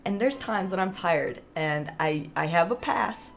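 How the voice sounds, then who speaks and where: A woman's voice: lowish voice, animated, a little slow, creaky, faint music behind. A woman vlogger talking casually to camera, chatty and rambling, laughing often.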